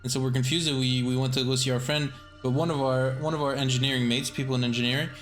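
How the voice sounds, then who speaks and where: A man's voice: medium pitch, steady tone, quick pace, soft background music. A man streaming a horror game, chatting casually and joking, with a rambling, swearing way of talking. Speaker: streamer, sound designer. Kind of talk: casual gameplay commentary.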